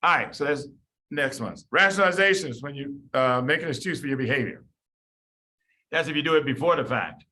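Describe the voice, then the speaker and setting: A man's voice: on the high side, brisk, sharp tone. A man from the south side of Chicago giving a casual medical lecture, talking conversationally and acting out the people he tells stories about. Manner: conversational, storytelling, acts out quoted people.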